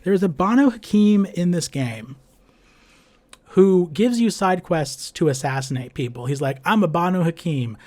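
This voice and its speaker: A man's voice: high voice, big pitch swings, unhurried, mellow. A man giving a profane, exasperated casual rant about a video game.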